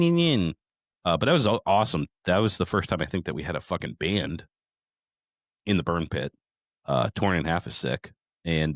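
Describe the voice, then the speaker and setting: A man's voice: low voice, dry recording, clean studio sound. A middle-aged man hosting a podcast, rambling through a profane, casual story recap. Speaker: podcast host.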